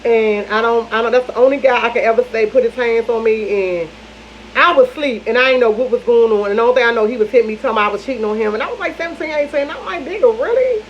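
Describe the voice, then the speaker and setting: A woman's voice: a little high, fast talker, muffled recording, slight background noise. A young woman vlogger, chatting casually to viewers in long repetitive run-on bursts.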